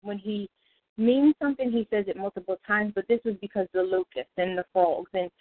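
A woman's voice: mid-range voice, brisk, dry recording. A woman leading a casual Bible study on a prayer call, chatty and laughing easily. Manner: chatty, laughs often, self-interrupting. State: out of breath. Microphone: phone call. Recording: tinny phone line.

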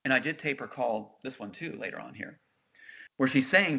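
A man's voice: mid-range voice, expressive, moderate pace, creaky, sharp tone. A middle-aged man as an interview guest, telling his story in an intense, insistent way and quoting others' words. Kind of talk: emotional storytelling. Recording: dull lo-fi sound.

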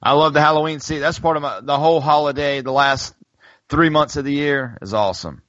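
A man hosting a podcast in casual chat, enthusiastic and quick to laugh. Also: a little high, fairly bright tone, no echo, highs cut off.

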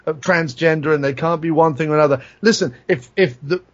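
A high-voiced man holds forth in a casual podcast chat, swearing freely and laughing through his own stories. The sound is dull and lo-fi. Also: a little fast. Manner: profane, ranting, laughs while telling stories. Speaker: podcast co-host.

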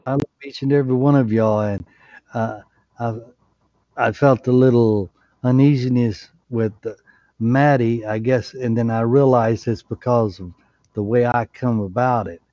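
A man's voice: medium pitch, steady tone, moderate pace, dark tone, no echo. A man on a group call, talking in an earnest, apologetic way with many restarts. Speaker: call participant. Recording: muffled lo-fi call audio.

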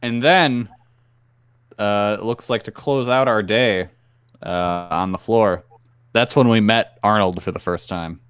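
A man co-hosting a podcast in casual chat, with wry, deadpan asides. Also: on the low side, unhurried, clear, resonant tone, no room sound. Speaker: podcast host.

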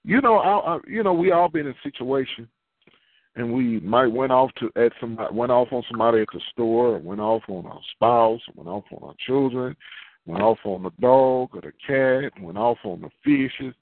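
A man's voice: medium pitch, animated, moderate pace, no room sound. Preacher man over a tinny phone line. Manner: conversational preaching with call-and-response questions. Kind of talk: sermon.

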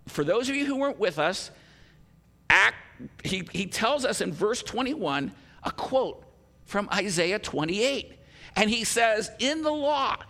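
A pastor, a man, teaches through a passage verse by verse, dropping in asides and a small joke along the way. His voice sits high and carries a gravelly, bright edge. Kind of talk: sermon.

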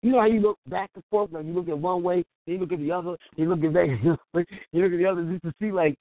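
A small business owner on an internet radio show talks fast in a high-sitting voice, telling an animated story with chuckles and playing the other people's voices before giving advice. He's on a phone, and the line sounds tinny and dry.

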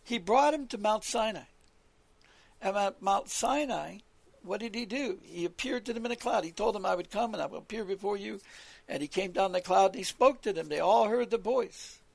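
A high-pitched man with a gravelly, husky voice gives an earnest, rambling Bible teaching, often restarting his sentences. The sound is dry and close. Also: fairly quick, no echo. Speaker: preacher. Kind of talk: scripture teaching on a radio call.

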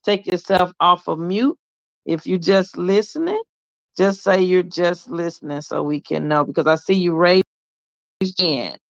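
Man, call-in show host, gravelly voice, animated slangy banter, dry lo-fi sound. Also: high voice, unhurried, no room sound. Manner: animated, laughing, hyping callers with slang. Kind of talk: casual call-in show hosting. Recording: dull lo-fi audio.

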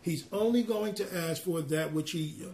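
A man ministering a sermon, reading scripture slowly and then explaining it in an earnest, conversational way with personal asides. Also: fairly high pitch, gravelly, a little mellow. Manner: reads scripture slowly in King James wording.

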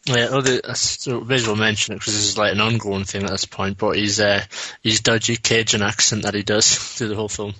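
A man's voice: lowish voice, level tone, fairly quick, sharp tone. A man co-hosting a casual film review podcast, laid-back, swearing and laughing often. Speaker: podcast co-host.

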